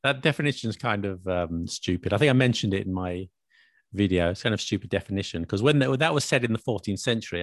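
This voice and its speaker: A low-pitched man, talking in a relaxed, explanatory way. His voice has a gravelly edge. The recording is dry and close. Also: fast, dry recording. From England, north London area. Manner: explanatory, chatty, laughs often. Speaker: language video maker discussing accents. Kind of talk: casual conversational chat.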